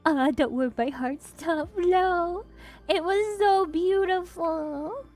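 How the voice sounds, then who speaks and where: A woman's voice: very high-pitched, slow, darkish tone, soft background music. A young woman hosting her stream, chatting casually with viewers and laughing often. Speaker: streamer host.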